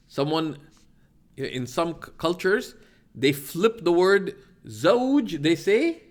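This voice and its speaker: A man teaching a class from a legal text. He reads Arabic passages aloud, explains them with many fillers and restarts, and keeps checking in with "right?". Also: on the high side.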